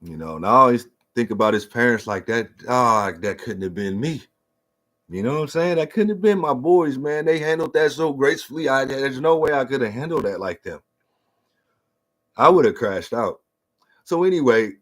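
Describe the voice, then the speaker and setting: A man's voice: medium pitch, lively intonation, normal speed, fairly bright tone. A middle-aged man telling a personal story in a casual, profane and emotional rant.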